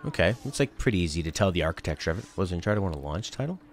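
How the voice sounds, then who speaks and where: Brief: deep-voiced young gaming host, lively, chatty and jokey while playing. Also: male voice, rapid-fire, a little hiss or hum. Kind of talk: casual let's-play commentary.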